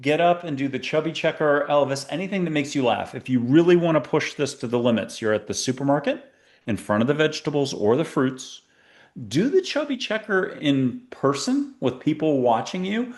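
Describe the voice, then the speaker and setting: A man's voice: on the high side, expressive, normal speed. A man hosting a spiritual talk show, chatting playfully and rambling as he leads listeners through a guided exercise. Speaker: podcast host. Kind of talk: casual guided meditation chat.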